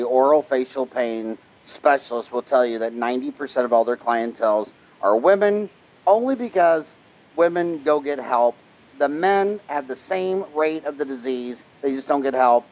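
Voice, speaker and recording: A middle-aged man hosting a podcast interview, telling stories in a lively, casual way and acting out the dialogue he quotes. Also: medium pitch, unhurried, rough recording. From Kansas, USA. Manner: animated storyteller, acts out quoted dialogue. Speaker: podcast host.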